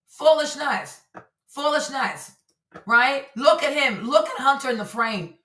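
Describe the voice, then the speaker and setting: Animated woman streamer in echoey room. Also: sits high, a little slow, far from the mic. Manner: animated, repetitive, talks to her audience. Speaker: streamer commentator. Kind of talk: livestream commentary. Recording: roomy echo, voice a bit off-mic.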